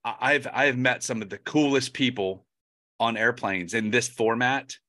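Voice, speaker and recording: A man hosting an interview podcast, chatty and thinking out loud, with frequent restarts and stumbles. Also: medium pitch, moderate pace. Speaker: podcast host. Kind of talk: casual interview chat.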